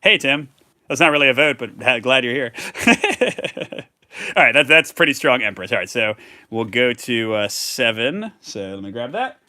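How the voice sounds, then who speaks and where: A man's voice: mid-range voice, very animated, normal speed, pushed and bright, dry recording, studio quality. A man hosting a live tabletop game playthrough, reading cards aloud with chatty asides. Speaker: host.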